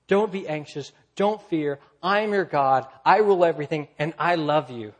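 A man preaching a sermon, swinging from loud, lively storytelling to quiet, low emphasis. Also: fairly quick, few pauses. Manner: earnest preaching, rising loud in stories, dropping soft and low. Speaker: pastor.

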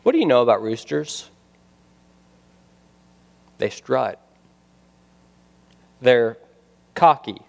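A man preaching a sermon in a mid-pitched voice. He builds to loud, emphatic runs, then drops low and quiet to press a point home. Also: very animated, takes it slowly, vocal fry, long pauses. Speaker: pastor.

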